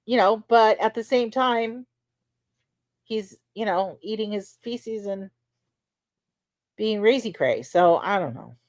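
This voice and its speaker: A woman retelling court testimony in a loose, chatty way, often using "like" and "you know" as she goes. Her voice sits at a medium pitch and sounds dry and close, with no room echo. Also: lively intonation, takes it slowly, long pauses, darkish tone. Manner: conversational, many fillers like "you know". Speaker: podcast host. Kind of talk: casual recap of trial testimony.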